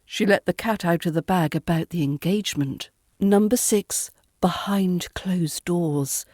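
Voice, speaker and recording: A woman with a British RP accent teaching pronunciation in a deliberate, scripted lesson, modelling each word clearly. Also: on the low side, darkish tone, dry recording, clean studio sound. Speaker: accent coach.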